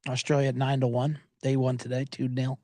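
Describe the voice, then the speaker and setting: A man's voice: mid-range voice, completely flat delivery, brisk, warm tone, dry recording. A man hosting a sports betting podcast, riffing sarcastically and profanely while reading viewer comments aloud.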